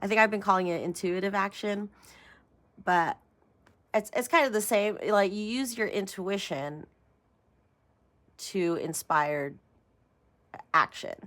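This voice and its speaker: A woman's voice: medium pitch, moderate pace, fairly bright tone. Chatty, rambling woman tarot vlogger. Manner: rambling and chatty, laughing often, with self-mocking asides. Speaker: tarot reader and channel host. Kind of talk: casual spiritual vlog chat.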